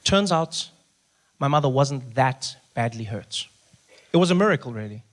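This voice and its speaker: A young adult man telling a stand-up story on stage into a handheld mic, animated and exasperated. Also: medium pitch, moderate pace. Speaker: stand-up comedian. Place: comedy stage.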